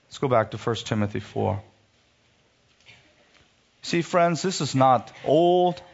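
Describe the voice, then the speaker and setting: A man preaching a sermon, reading scripture and rising sharply in pitch when he rebukes, then dropping low for emphasis. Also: lively intonation, slow, gravelly, highs cut off.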